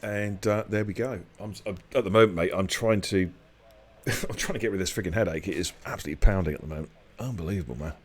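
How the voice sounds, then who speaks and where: A middle-aged man, hosting a live sim racing stream with loud, excitable hype and cheeky banter. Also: deep voice, fast, husky. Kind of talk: live esports race commentary.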